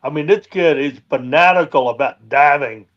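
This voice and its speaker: A man's voice: on the high side, moderate pace, muffled recording. A man, a guest on a live stream, telling boat stories in a rambling way with many fillers. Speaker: guest, dredge boat owner. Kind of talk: casual storytelling.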